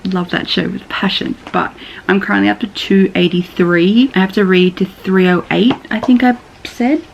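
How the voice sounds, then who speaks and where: A young woman chatting casually in a reading vlog, swearing freely and swinging between murmured asides and excited outbursts. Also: mid-range voice, normal speed, gravelly, slight background noise, rough recording. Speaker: book vlogger. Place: bedroom.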